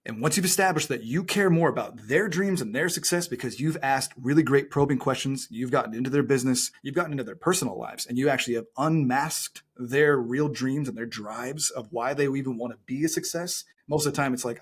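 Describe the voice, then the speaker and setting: Fast-talking husky male coach. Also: medium pitch. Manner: earnest, motivational, stresses key phrases slowly. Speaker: guest business coach. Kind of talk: podcast conversation.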